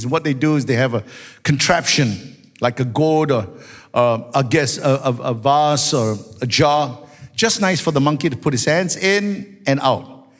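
Animated preacher in a reverberant church. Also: male voice, mid-range voice. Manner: animated storyteller, shouting at the climax. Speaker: pastor. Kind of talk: sermon. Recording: long hall reverb in a church.

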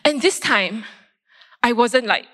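A woman, a doctor giving a faith testimony and telling her story in a lively way, acting out her own reactions. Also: on the high side, slow. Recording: long reverb in a large hall.

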